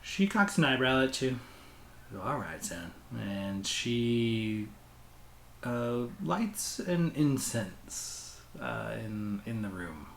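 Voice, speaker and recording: A man running a tabletop game as game master, narrating in a relaxed, rambling way. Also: mid-range voice, extremely slow, gravelly, a little hiss or hum. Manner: relaxed, rambling, casual swearing.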